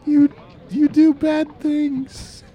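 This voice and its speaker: A player doing a motherly role in comedic role-play, scolding in an exaggerated, slow way. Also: high voice, level tone, muffled recording.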